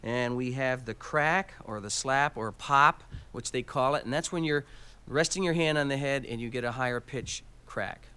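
A man's voice: mid-range voice, normal speed. A man teaching Latin percussion, explaining each instrument step by step and counting out beats aloud. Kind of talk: instructional demonstration. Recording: loud background noise.

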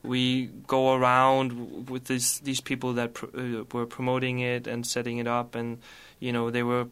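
A man chatting as a musician guest, his voice bright and crisp. He talks in a flat, even line and strings his thoughts together with plenty of "you know"s. It sounds like a relaxed, rambling interview. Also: medium pitch, normal speed. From Denmark. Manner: rambling, filler-heavy, laughs easily. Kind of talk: casual interview chat.

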